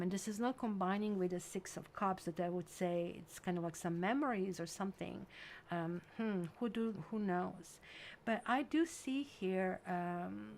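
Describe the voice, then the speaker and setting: A woman's voice: mid-range voice, slight background noise. A woman with an accent, giving a casual, rambling tarot reading full of fillers. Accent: non-native English accent. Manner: chatty and rambling, with many fillers like "like" and "um". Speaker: tarot reader.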